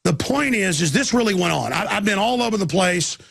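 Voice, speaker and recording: Talk radio host, male, high-pitched and gravelly; rambling, intense monologue full of restarts and bursts of volume. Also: lively intonation, a little fast, a bit bright, no echo, clean studio sound. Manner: intense, rambling storytelling with frequent restarts and outbursts.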